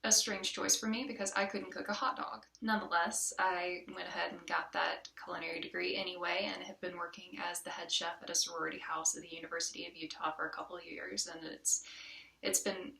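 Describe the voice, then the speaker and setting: A woman's voice: lowish voice, flat delivery, a little fast, gravelly, pushed and bright, roomy sound, distant mic. Chatty woman with a light Southern accent. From Southern United States. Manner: chatty, with frequent ums and restarts. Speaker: college student. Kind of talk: casual self-introduction.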